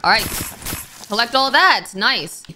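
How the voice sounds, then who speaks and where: Jumpy high-voiced woman gaming. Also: expressive, measured pace, background noise. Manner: jumpy, keeps crying out "oh my goodness"; pleading and flustered under pressure. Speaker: gaming YouTuber. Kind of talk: let's-play commentary. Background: game music.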